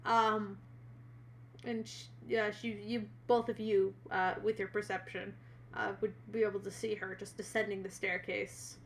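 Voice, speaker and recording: A woman's voice: mid-range voice, little pitch movement, measured pace, creaky, slight background noise. A woman narrating a tabletop role-playing game as game master on a live stream, hesitant and full of fillers.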